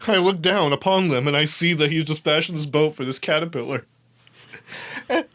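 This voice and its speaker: A young man with a slightly high voice tells a rambling story in casual podcast chat. He is animated and swears freely, and he laughs often as he goes. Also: unhurried, pauses often. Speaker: podcast host.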